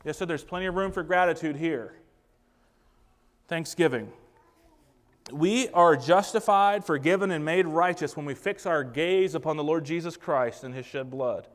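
A man's voice: on the high side, moderate pace. A man preaching a sermon, speaking emphatically and posing rhetorical questions to the congregation. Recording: long reverb of a large hall.

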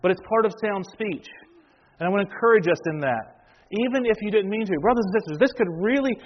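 A man's voice: high voice, expressive, fast, slight background noise. A man preaching a sermon, talking with the congregation in a conversational way, asking them questions and repeating himself as he goes. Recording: muffled church recording with reverb.

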